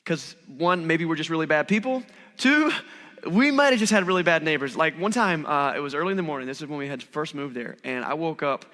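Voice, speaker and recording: A man in his thirties preaching a sermon, telling stories with lively acted-out quotes. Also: fairly high pitch, fairly quick. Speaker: pastor. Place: church hall. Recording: long church hall reverb.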